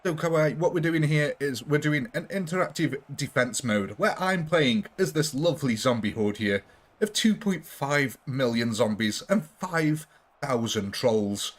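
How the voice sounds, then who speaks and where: A man's voice: a little high, expressive, unhurried. A British man giving live gameplay commentary, chatting with his viewers in a jokey, self-mocking way. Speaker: streamer.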